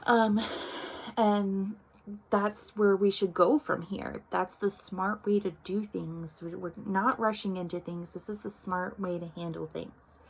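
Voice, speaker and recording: A woman's voice: medium pitch, steady tone, a little slow, creaky, slightly rough. A woman giving a casual book recap, chatty and full of asides, acting out the characters as she goes. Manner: chatty, many likes and quoted asides, acts out characters. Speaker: book reviewer.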